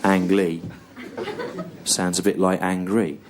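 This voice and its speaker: On stage at a comedy club, an English comedian in his thirties with a low voice delivers a slow, halting deadpan, pausing long and repeating the same lines as he drags out his story. Heavy background noise fills the recording, along with crowd noise and audience laughter.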